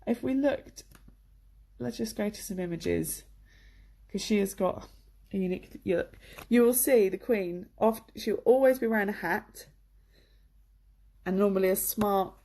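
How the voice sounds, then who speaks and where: A woman's voice: medium pitch, unhurried, pauses often, mellow. A woman from England giving a chatty, enthusiastic online English lesson, with many fillers, on a computer microphone. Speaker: English teacher.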